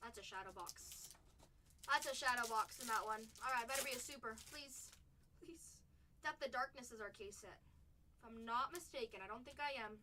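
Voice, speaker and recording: A woman hosting a live card break, chatting playfully and muttering asides between excited calls, a little distant from the mic. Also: fairly high pitch, normal speed, slight background noise.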